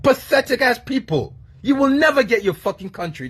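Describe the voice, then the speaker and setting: Heated husky man ranting. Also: extremely high pitch, lively intonation, moderate pace, a bit bright. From Nigeria. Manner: heated, swearing, repetitive. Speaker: online commentator. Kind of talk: angry rant to camera.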